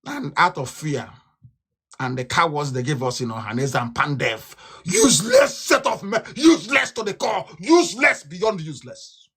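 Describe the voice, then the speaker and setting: A man with a Nigerian English accent giving a fiery, scornful political radio address. He swings from shouting to low muttering. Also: very animated, moderate pace, husky. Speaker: radio broadcaster.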